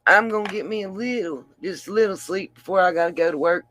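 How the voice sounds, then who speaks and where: A woman's voice: mid-range voice, quick pace, a bit bright. Tired, chatty woman streamer. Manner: chatty, affectionate, calls viewers darling, laughs a lot. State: tired after a long stream. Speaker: livestream host. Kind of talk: casual livestream sign-off chat.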